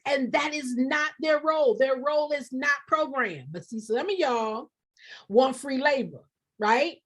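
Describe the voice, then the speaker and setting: A woman coaching nonprofit leaders in a passionate live talk, preachy and often breaking into shouting, hammering points home by repeating phrases. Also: high voice.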